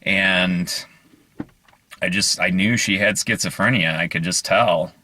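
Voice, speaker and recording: A man's voice: deep voice, unhurried, pushed and bright, slight background noise. A man vlogging in a casual, earnest way, rambling through stories with hesitant fillers. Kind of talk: casual storytelling to camera.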